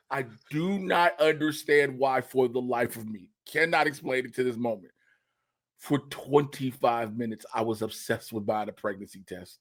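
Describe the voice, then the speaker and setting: A man hosting a podcast, telling a funny story in casual chat with big excited outbursts. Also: medium pitch. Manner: animated, swings into loud excited shouts and laughs. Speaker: podcast host.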